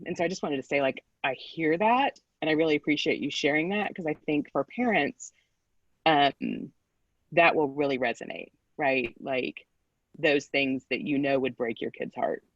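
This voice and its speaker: A woman speaks as a parent at a town hall, empathetic and grateful, with a medium-pitched voice. The sound is dry and close, with a dull, lo-fi tone. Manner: warm, appreciative, empathetic.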